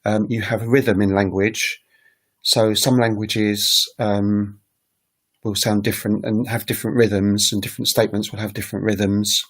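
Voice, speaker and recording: A man's voice: lowish voice, little pitch movement, normal speed. A man hosting a casual language-learning livestream. He thinks aloud with frequent ums and makes self-deprecating asides. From United Kingdom. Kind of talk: casual solo livestream talk.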